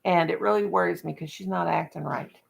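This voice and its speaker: A woman's voice: lowish voice, a little fast, gravelly. A woman hosting a casual live stream from her home in the country, rambling and joking in a folksy way.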